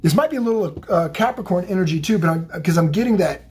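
Husky emotional man reading tarot. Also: high-pitched, lively intonation, fast talker, darkish tone. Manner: emotional, motivational, rambling with repeats. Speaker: tarot reader. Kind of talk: psychic channeling reading.

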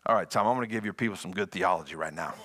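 A man preaching as a guest pastor, animated and playful. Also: low-pitched, rapid-fire. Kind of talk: sermon.

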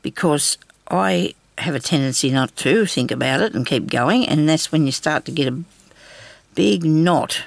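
Woman crafter, gravelly, chatty and reassuring, muttering as she works. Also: low-pitched, measured pace, dry recording. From Australia. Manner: chatty, reassuring, talks to herself while working. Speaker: craft tutorial host. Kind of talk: casual craft tutorial talk.

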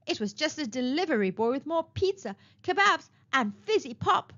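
Woman reading a children's book, high and lively voice, expressive storyteller. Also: moderate pace, dull audio. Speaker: storytime reader. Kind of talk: children's read-aloud narration.

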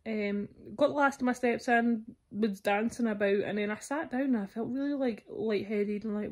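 A woman's voice: fairly high pitch, fairly quick. A young Scottish woman vlogging casually from home, rambling and candid with lots of fillers, while ill with a sore throat and cough. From Scotland. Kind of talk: casual vlog chat to camera.

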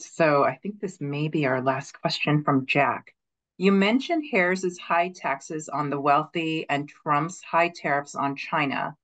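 A woman moderates the Q&A of a webinar, reading audience questions aloud in a polite way. Her voice is very low for a woman. The audio is muffled and lacks treble. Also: a bit bright.

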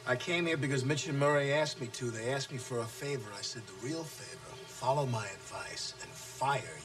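An actor playing a brash, abusive male sales trainer who taunts his listeners, shouting one moment and dropping to low menace the next. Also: moderate pace, music in the background, natural voice. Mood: contemptuous. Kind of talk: film acting.

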